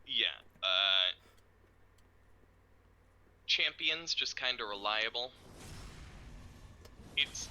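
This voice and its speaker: A man streaming a game, explaining plans in a rambling, profane, excitable way. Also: medium pitch, drawn-out words, pauses often, a little hiss or hum, low-quality recording. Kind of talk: casual chat while gaming.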